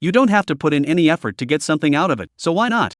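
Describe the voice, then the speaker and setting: A cold, sneering old demonic cultivator, read out by a man with a slightly high voice. He talks with open scorn, every word dry and close to the mic. This is a villain in a fantasy storybook recap. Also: very animated, very fast, no echo. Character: scheming cruel old male demonic cultivator.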